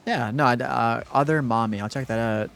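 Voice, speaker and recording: A man's voice: medium pitch, normal speed, vocal fry, a bit bright. A young man streaming live, chatting casually and rambling with lots of fillers while thanking viewers.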